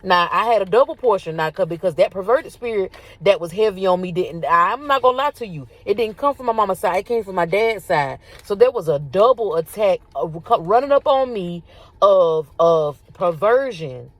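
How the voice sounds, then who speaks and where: A woman, talking casually about faith to her viewers, animated and repetitive, calling them y'all. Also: mid-range voice, normal speed, dry recording. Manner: animated, repeats herself, addresses viewers as y'all. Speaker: faith video host. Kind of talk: casual spiritual talk to viewers.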